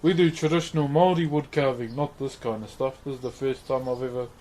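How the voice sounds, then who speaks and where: A man's voice: medium pitch, fairly even intonation, fast, darkish tone. A young man with a New Zealand accent, chatting casually on a live stream while he carves wood, laid-back and laughing often. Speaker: streamer and woodcarver.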